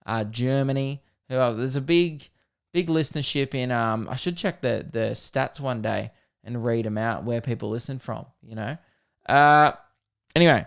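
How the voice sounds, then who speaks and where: Young Aussie male podcast host, loose and jokey, casual swearing, medium pitch, clear tone. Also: unhurried, soft background music. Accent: Australian. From Australia. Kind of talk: casual solo podcast chat.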